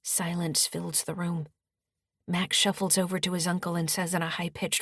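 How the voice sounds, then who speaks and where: A woman author narrating her own audiobook in the first person, with a steady storytelling delivery. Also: on the low side, normal speed, breathy edge, no echo, clean studio sound.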